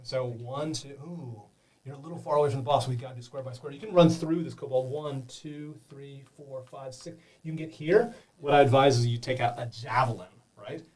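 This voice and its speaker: A man running a tabletop game for beginners as game master, animated, laughing and making sound effects. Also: mid-range voice, brisk, far from the mic.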